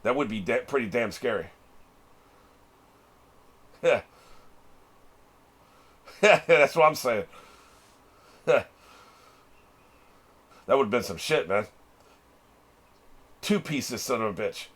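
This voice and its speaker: A man's voice: medium pitch, animated, takes it slowly, long pauses, fairly bright tone, slightly rough. A middle-aged man hosting a reaction video, chatting casually as he watches, swearing freely and laughing often. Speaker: reaction channel host.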